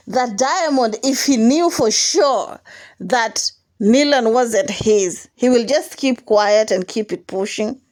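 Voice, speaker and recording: A woman hosting a casual celebrity gossip commentary. She talks in an animated way, laughs often and keeps asking emphatic rhetorical questions. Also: fairly high pitch, slow.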